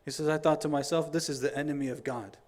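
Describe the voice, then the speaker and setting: A middle-aged man giving a Friday sermon, telling stories in an animated way, acting out the dialogue and reciting quotations quickly. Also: fairly high pitch. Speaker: preacher.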